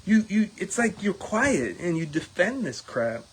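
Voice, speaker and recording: A middle-aged man with a husky voice talks straight to the listener as a union steward, in a casual and lively way. His high, swinging voice jumps even higher when he acts out what others told him. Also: measured pace. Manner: animated, acts out quoted exchanges in a raised voice. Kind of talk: casual video monologue.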